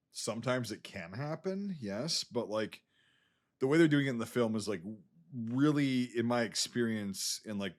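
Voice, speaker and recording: Casual swearing man. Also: lowish voice. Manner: loose, rambling, swears casually, many fillers. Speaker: podcast co-host. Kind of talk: casual film review chat.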